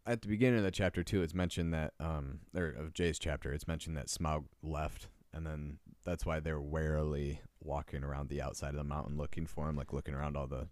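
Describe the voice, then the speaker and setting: A man's voice: very deep voice, fairly even intonation, brisk, few pauses, darkish tone, no echo. A young man co-hosting a podcast, chatting casually and jokingly about a book, rambling and poking fun at himself. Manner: rambling, jokey, self-deprecating. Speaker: podcast co-host.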